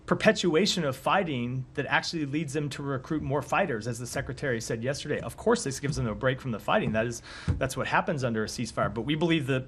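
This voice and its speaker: A male government spokesperson answering questions at a press briefing, measured with frequent fillers, hoarse and clearing his throat. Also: medium pitch, a little hiss or hum. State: hoarse, coughing. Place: briefing room.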